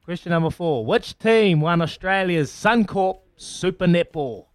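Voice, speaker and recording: A man's voice: sits high, lively intonation, measured pace, no echo, studio quality. A man hosting a breakfast radio quiz, upbeat and matey, counting down answers. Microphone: studio mic.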